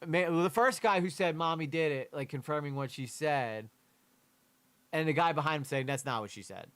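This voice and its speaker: The voice belongs to a young man, a streamer, and sits on the high side: a bit bright, clear, and resonant at a moderate pace. Reacting live to a true crime video, he speaks emotionally and openly about his daughter and swears casually.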